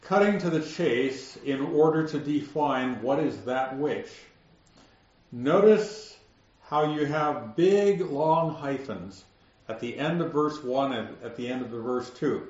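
A man teaching the Bible verse by verse, explaining the text and slowing down to stress key words. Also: mid-range voice, a little mellow. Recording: roomy, slightly dull recording.

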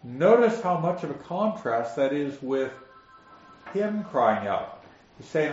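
A man's voice: a little high, sing-song, slow pace, darkish tone, soft background music. A man teaching a Bible study, reading scripture aloud, explaining it and asking his listeners questions. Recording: very echoey muffled room recording.

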